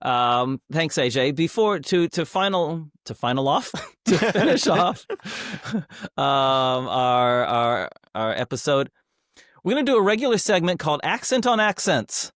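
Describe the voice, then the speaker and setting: A male podcast host chats casually with a guest in a friendly way, often restarting his sentences. His voice sits a little high and sounds dry and close to the mic. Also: expressive, measured pace, a bit bright, dry recording. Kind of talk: casual interview chat.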